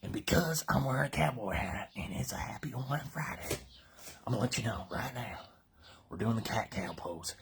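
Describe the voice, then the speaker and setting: A man's voice: mid-range voice, moderate pace, vocal fry, fairly bright tone, a little hiss or hum. A man from Colorado hosting a live workout, joking around in casual banter and slightly winded from exercising. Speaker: fitness host.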